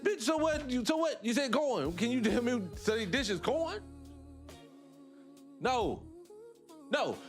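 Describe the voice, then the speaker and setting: High-voiced man ranting on a livestream. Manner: rhetorical questions, wry laughs. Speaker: livestream host. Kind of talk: casual livestream monologue.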